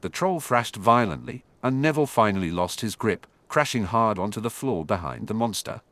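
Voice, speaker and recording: Man narrating a fantasy audiobook, lively. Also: fairly low pitch, normal speed, no echo.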